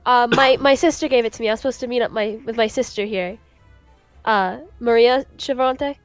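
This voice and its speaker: A woman's voice: on the high side, fairly quick, no room sound, soft background music. A woman playing a tabletop game in character, flustered and stammering, often breaking into laughter. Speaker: player. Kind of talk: in-character tabletop role-play.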